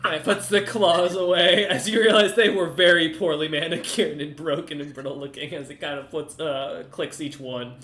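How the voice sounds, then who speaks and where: Guy running a tabletop game, bright voice, kinda rambly, echoey room. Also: fairly high pitch, steady tone, normal speed, few pauses, slight background noise. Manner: rambling, many fillers and restarts. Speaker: game master.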